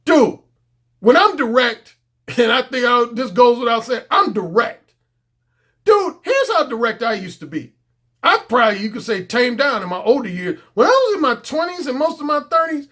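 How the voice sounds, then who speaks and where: A man's voice: extremely high pitch, a bit bright. A middle-aged man, a dating coach, talking bluntly and profanely in a casual unscripted monologue.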